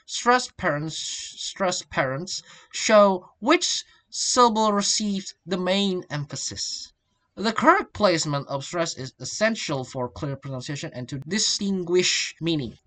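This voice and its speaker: A young man presents a pronunciation lesson as a student. He reads at an unhurried, deliberate pace in a bright, forward tone. He often restarts and repeats words as he goes. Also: a little high. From Indonesia. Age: young adult. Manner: halting, restarts and repeats words while reading.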